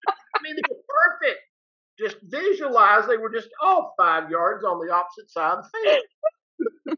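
An older man, a retired teacher, telling a story in a folksy, plain-spoken way and acting out both sides of each exchange. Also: sits high. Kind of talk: casual storytelling. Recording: dull lo-fi recording.

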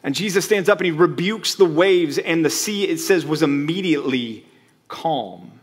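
Brief: male pastor, lightly raised pitch, casual preaching style with rhetorical questions. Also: animated, moderate pace. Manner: conversational preaching with rhetorical questions and acted-out quotes. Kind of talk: sermon.

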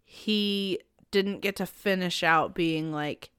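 A woman's voice: lowish voice, slow, fairly bright tone, clean tone, no echo. Young woman musing, dry close sound. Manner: thoughtful, hedging with many "like"s. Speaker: podcast co-host. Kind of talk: casual chat.

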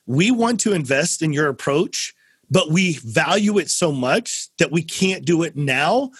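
Husky, animated male podcast host. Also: measured pace, no room sound, studio quality. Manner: animated storyteller, acts out quotes with big pitch swings. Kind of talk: casual conversational interview.

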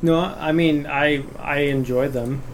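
A man's voice: a little high, fairly even intonation, slow. Chill guy on a gaming podcast, blunt short takes, a little noise in the background. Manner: laid-back, blunt, short remarks. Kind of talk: casual chat.

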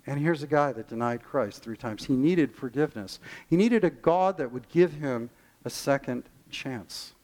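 A man preaching a sermon in a church. He is animated, acts out the voices in his stories and slows down to stress his key lines. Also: mid-range voice. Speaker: pastor.

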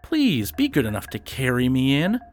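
A man's voice: medium pitch, huge pitch swings, normal speed, faint music behind. A man voicing a pitiful tiny bearded mannikin who howls, moans and pleads for mercy. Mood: pleading. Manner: howling, moaning, pleading.

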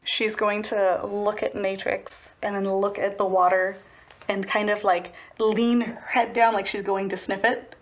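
A woman's voice: mid-range voice, level tone, unhurried. A woman playing a tabletop game, describing her horse's moves vividly with little sound effects. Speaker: player.

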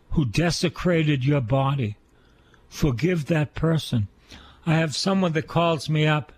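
A man's voice: on the high side, darkish tone, slightly rough. A man, a priest, giving an earnest sermon on scripture and repeating key phrases for emphasis.

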